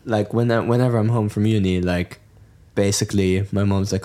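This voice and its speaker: Young male co-host from Germany, low voice, loose rambling chat. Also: steady tone, fairly quick, warm tone. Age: young adult. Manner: rambling, many restarts and fillers. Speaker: podcast co-host. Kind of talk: casual chat.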